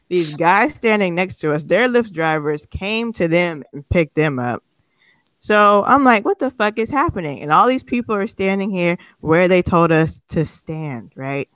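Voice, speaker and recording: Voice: medium pitch, animated, a little slow, fairly bright tone, smooth, dry recording. Exasperated, profane podcast host rant. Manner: sarcastic, mocks people's excuses. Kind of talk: comedic rant.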